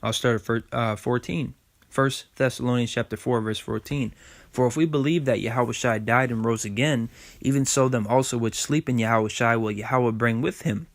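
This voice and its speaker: Man, casual sermon, mid-pitched voice, reads scripture, keeps saying okay. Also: moderate pace. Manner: reads scripture aloud, stumbling on words. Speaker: preacher. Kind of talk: informal sermon with scripture reading.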